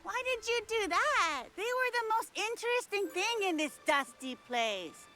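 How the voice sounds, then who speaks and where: A woman's voice: very high-pitched, sing-song, unhurried, full character voice. A woman voicing a cheerful young girl in a video game who chatters eagerly about putting on plays. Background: game music.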